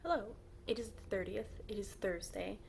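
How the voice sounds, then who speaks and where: A woman's voice: mid-range voice, normal speed, gravelly, darkish tone, slight background noise. A young woman chatting casually at home in a vlog about writing her novel, rambling with lots of "like" and small laughs. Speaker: writer vlogging her novel progress.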